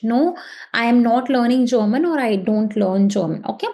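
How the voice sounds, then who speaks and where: A woman's voice: fairly high pitch, lively intonation, unhurried, darkish tone. A woman teaching a language lesson, explaining patiently and checking in often with "okay". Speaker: German teacher.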